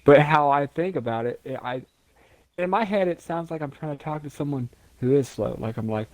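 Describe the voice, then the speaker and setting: A man co-hosting a casual podcast, who usually talks quickly and stutters. He is trying to slow his speech down and pronounce each word on purpose. His voice is recorded on a dry, close mic. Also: a little high, animated, no room sound. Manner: stutters, talks fast, deliberately slowing down. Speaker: podcast co-host. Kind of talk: casual chat.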